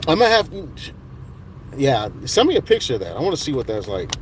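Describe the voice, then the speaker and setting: A thirties American man chats casually on a livestream, reading viewer comments aloud in a laid-back, rambling style full of restarts. His mid-range voice swings hugely in pitch, he talks a little fast, and there's slight background noise.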